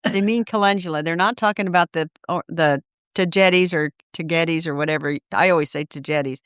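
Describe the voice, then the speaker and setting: A woman's voice: on the low side, steady tone, fast, a bit bright, dry recording, clean studio sound. Matter-of-fact woman gardening co-host. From American Midwest. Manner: practical, matter-of-fact, brief interjections. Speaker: podcast co-host. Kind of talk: casual gardening chat.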